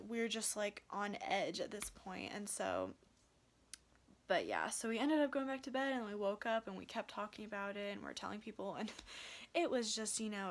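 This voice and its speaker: A young woman in college, telling a story in a casual vlog, rambling with lots of "like" and "um", tired. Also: mid-range voice. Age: young adult. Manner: rambling, heavy use of "like" and "um". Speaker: vlogger.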